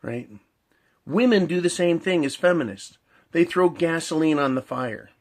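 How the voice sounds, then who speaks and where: A man's voice: on the high side, moderate pace. A man ranting in a monologue. He swears a lot, repeats his points, builds long analogies and keeps asking "right?". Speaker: commentator.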